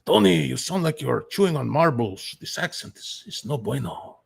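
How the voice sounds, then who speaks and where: A gravelly, husky-voiced mob boss, put on by a man, nags and mocks in a lifted voice that swoops up and down. His complaints come rough and rasping. The impression is done off the cuff in a home vlog. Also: medium pitch, very animated, normal speed, heavily acted. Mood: scolding. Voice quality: raspy, gravelly. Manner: nagging, mocking complaints. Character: exasperated male mob boss scolding a gangster.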